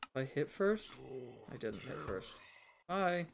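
A man's voice: on the high side, sing-song, slow. A man hosting a game let's play at home late at night, exasperated and muttering to himself as he plays. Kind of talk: gaming commentary. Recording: noisy recording with keyboard clicks.

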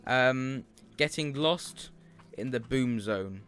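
A man's voice: medium pitch, slow pace, fairly bright tone. A young man in a chatty, upbeat mood, commenting on a game as he plays and swearing freely. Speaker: streamer and host. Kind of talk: casual gameplay commentary. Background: faint game music.

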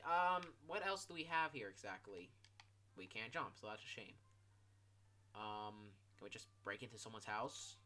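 A young man doing gameplay commentary, animated, profane and full of jokes, with sudden shouts. His pitch swings widely and his tone is very bright and sharp. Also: moderate pace. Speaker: gaming YouTuber.

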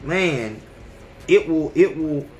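A man's voice: fairly high pitch, animated, slow pace, darkish tone, roomy sound, a little hiss or hum. A man in his thirties hosting a podcast, talking bluntly and profanely in a casual, preachy monologue. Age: 30s. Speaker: podcast host.

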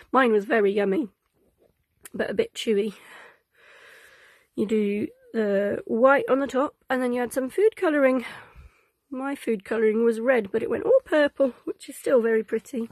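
A woman's voice: on the high side, darkish tone, dry recording. Sleepy, sing-song woman, close and dry. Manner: cosy, chatty and sing-song, stretching out dish names. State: sleepy, yawning. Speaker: host reading a vintage cookbook to children. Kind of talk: gentle read-aloud for children.

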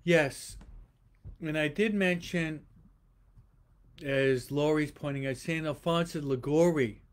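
Slow-speaking priest preaching online. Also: male voice, on the high side. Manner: slow, repetitive preaching with rhetorical questions; pauses and restarts often, speaking to online viewers. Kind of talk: livestreamed homily.

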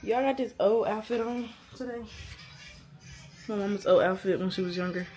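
A woman's voice: medium pitch, moderate pace, a little mellow, soft background music. A woman of twenty talking casually to camera in a slangy, chatty, laid-back way, recorded on a phone or small camera held close. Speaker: vlogger. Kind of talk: casual vlog talk to camera.

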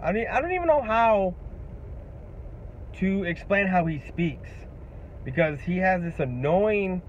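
A man's voice: sits high, animated, measured pace. A young man ranting to camera as a sports fan vlogger, profane and trash-talking. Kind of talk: heated sports rant to camera. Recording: dull lo-fi audio with faint background noise.

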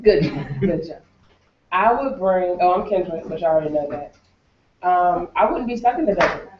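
A woman banters through an icebreaker game, her pitch swinging animatedly. She is heard from across an echoey room, over a loud crowd, and the sound is dull. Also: lively intonation, distant mic. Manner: playful, quick questions.

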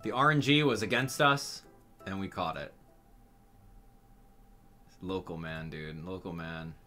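A man hosting a gaming channel, talking straight to his viewers in an exasperated, animated way during live game commentary. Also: sits low, measured pace, soft background music.

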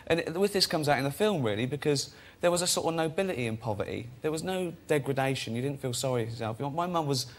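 A man's voice: fairly high pitch, animated, fast, hardly any pauses. A man, a guest on a chat show, telling self-deprecating anecdotes and acting out the people in them. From England. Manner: self-deprecating anecdotal storyteller, acts out voices. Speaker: talk show guest, actor-director.

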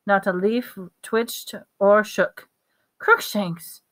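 Woman reading a storybook aloud, halting. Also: mid-range voice, level tone, a bit bright, clean tone. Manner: halting, stumbles and self-corrections. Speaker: reader.

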